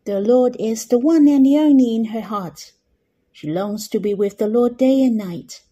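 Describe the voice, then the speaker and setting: A woman giving gentle devotional Bible teaching and leading listeners through spoken prayer. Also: fairly high pitch, moderate pace.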